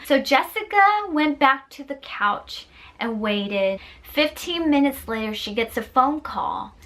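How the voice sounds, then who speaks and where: High bright young woman telling a scary story. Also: lively intonation, a little slow. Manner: playful, acts out voices and sound effects. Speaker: storyteller vlogger.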